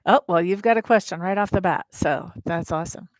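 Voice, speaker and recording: A woman's voice: on the low side, brisk, no echo. Blunt, chatty woman tarot reader. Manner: chatty, blunt and playful, talks straight to viewers. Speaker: tarot reader and livestream host. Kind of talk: casual live tarot reading chat.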